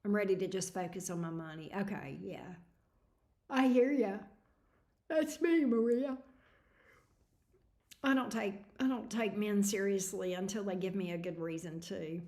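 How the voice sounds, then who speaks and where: A woman's voice: mid-range voice, a little slow, pauses often, warm tone. A woman hosting a tarot livestream, chatting casually with viewers in a snarky, laughing way, tired. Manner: snarky, laughing, reading chat messages aloud.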